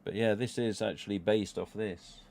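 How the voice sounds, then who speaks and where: A man's voice: lowish voice, steady tone, normal speed, gravelly, darkish tone. A middle-aged man with an English Midlands accent, chatting casually on a live stream, rambling and swearing freely as he goes. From England. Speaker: livestream host.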